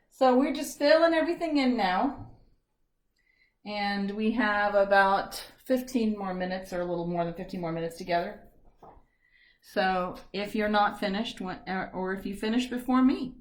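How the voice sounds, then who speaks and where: A woman teaching a live step-by-step painting lesson from home, chatty and self-deprecating, with corny jokes. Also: mid-range voice. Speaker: art teacher.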